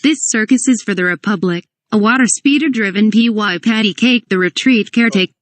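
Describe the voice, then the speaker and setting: Her mid-range voice moves fairly quickly through a comedic parody script, covering stage directions and dialogue alike, with some words spelled out letter by letter. The sound is free of echo.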